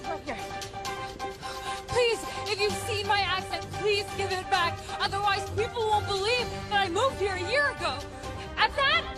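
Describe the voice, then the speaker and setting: Young filipina doing a goofy skit, super high voice, music behind. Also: female voice, normal speed. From Philippines. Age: young adult. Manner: playful, mock-dramatic. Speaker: comedy sketch creator. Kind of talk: comedy sketch.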